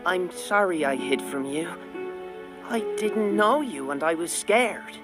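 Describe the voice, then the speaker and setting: A timid Irish cartoon engine, hesitant, slow, lilting, music behind. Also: male voice, high-pitched, lively intonation. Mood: shy, hopeful. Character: shy young male Irish toy engine, timid and gentle. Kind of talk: animated series dialogue. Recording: quiet clip with music underneath.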